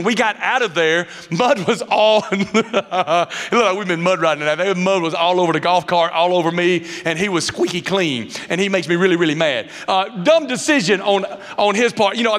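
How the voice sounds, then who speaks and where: A man preaching a sermon, telling funny personal stories in an animated way and acting out what people said. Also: high voice. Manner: animated storyteller, dialect grammar, acts out quotes. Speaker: pastor. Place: church sanctuary. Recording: reverberant hall sound.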